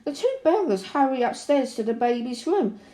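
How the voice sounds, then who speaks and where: A woman reading a children's picture book aloud in an expressive, animated way. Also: high-pitched, normal speed. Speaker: storybook reader. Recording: roomy echo.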